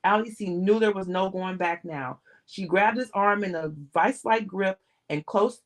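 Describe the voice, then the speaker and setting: A woman reading a novel aloud on a livestream, steady and plain, sometimes restarting a word. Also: mid-range voice. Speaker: audiobook reader.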